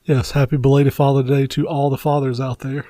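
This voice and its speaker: A tired man hosting a podcast in casual chat, cracking dry, deadpan jokes. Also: mid-range voice, fairly quick, no echo. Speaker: podcast host.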